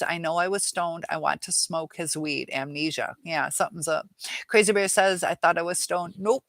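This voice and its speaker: A woman's voice: on the low side, fairly bright tone, no echo. A woman hosting a live chat, reading viewer comments aloud and answering them frankly, with exasperation.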